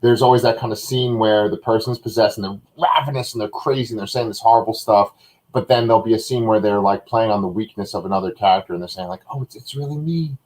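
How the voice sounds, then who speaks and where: A man's voice: fairly low pitch, flat delivery, fast talker, a little mellow, rough recording. Male co-host, casual live review, hesitant and thinking aloud.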